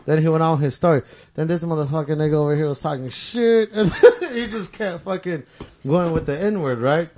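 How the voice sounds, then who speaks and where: A man's voice: on the high side, brisk, darkish tone. A man on a podcast telling a long story in casual chat, profane, acting out other people's lines. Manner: profane, tells stories with acted-out quotes. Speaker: podcast co-host. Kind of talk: casual storytelling among friends.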